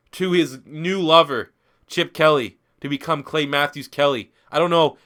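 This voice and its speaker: Tipsy guy streaming a football game, high voice, swears a lot, rambles on. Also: sharp tone. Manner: rambling, profane and joking. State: a little tipsy from beer. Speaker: gaming YouTuber streaming. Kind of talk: casual live-stream commentary.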